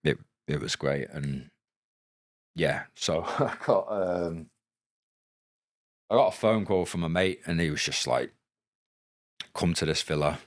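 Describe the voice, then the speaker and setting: Podcast guest: man, 30s, extremely low voice, dry close mic, frank casual storyteller who swears. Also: expressive, slow, pauses often, no room sound. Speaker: podcast guest, former footballer. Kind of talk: candid storytelling.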